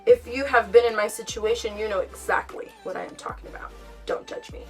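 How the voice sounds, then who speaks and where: A woman's voice: a little high, brisk. A young woman casually telling a storytime on her vlog, acting out what she and others said. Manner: chatty, animated retelling with quoted dialogue. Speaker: vlogger. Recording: far from mic, music behind.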